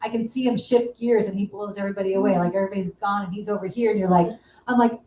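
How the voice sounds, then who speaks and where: A woman's voice: medium pitch, steady tone, racing, darkish tone, a little hiss or hum. A woman co-hosting a casual chat, telling stories in a chatty, laughing way. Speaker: co-host. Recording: roomy, distant mic.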